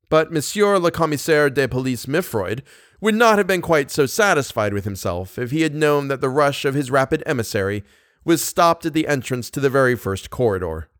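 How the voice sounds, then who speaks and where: A man reading a classic novel aloud in steady, even storytelling narration. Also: mid-range voice, fairly quick, no room sound, clean studio sound. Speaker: audiobook narrator.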